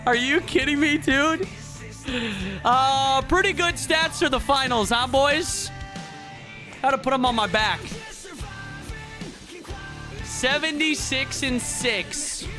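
A man giving casual, excitable let's play commentary, swearing freely and talking to his viewers. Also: high-pitched. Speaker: gaming channel host.

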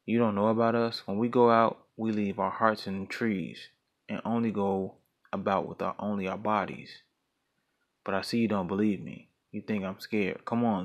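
A man's voice: fairly low pitch, little pitch movement, normal speed, close to an everyday voice. A man voicing a clever, tricky male monkey in a folktale reading, talking slyly with mock indignation. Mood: wily.

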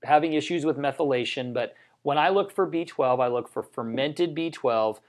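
A man on the high side of pitch speaks at a moderate pace while co-hosting a livestreamed health show. He keeps things casual and enthusiastic, joking between points and recounting personal anecdotes.

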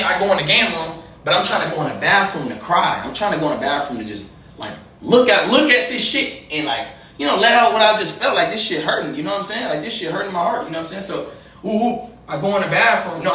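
A man's voice: sits high, sing-song, fast talker, pushed and bright. A young man telling a long story in casual chat, rambling and repeating himself with emphasis. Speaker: storyteller in a played clip. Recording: echoey room, faint background noise.

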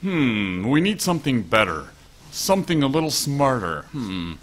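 A sly cartoon villain boss. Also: male voice, medium pitch, sing-song, normal speed. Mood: commanding. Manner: commanding, drops to a conspiratorial hush. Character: scheming male villain boss, bossy and sly. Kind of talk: cartoon voice acting.

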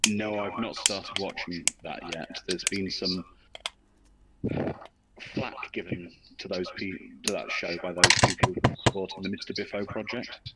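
A man's voice: low voice, fairly even intonation, measured pace. A man co-hosting a live stream, relaying chat discussion in a matter-of-fact way. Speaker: stream co-host reading the chat. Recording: distant voice, heavy line noise.

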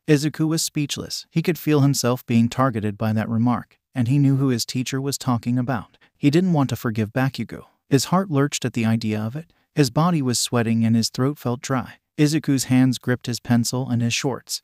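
Give me a man narrating a story, an even, unhurried reading with a dry, close sound. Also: mid-range voice, no room sound. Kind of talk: scripted fan-fiction narration.

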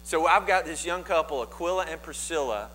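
A pastor preaching a sermon, telling the story with lively, animated asides. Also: male voice, on the high side, fairly quick, rough recording. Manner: animated storytelling, voices biblical figures in asides.

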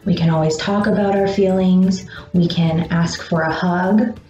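A woman teaching young children about feelings, speaking slowly and encouragingly and pausing for their answers. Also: lowish voice, steady tone, mellow. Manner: slow, encouraging, pauses for answers. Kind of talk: gentle lesson for young children. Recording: dull roomy sound with faint music.

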